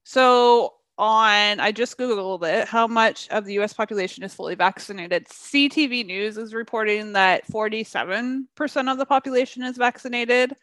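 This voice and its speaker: Breezy young woman with a fairly high voice, recorded close and dry with no room sound. She laughs often and chats casually on a podcast, stopping to put things in context. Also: normal speed, hardly any pauses, a bit bright, no room sound. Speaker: podcast co-host. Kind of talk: casual chat.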